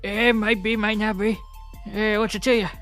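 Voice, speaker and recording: A man voicing an elderly male Magikarp fish ferryman, slightly raspy and talking with his mouth hanging open. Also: high voice, flat delivery, normal speed, fairly bright tone, soft background music, pitched above the performer's own voice. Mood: drawling. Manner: drawling, noncommittal.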